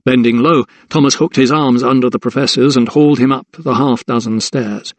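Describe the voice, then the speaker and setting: A man narrating a historical mystery audiobook in a measured, suspenseful reading. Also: medium pitch, steady tone, no echo. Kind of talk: scripted narration.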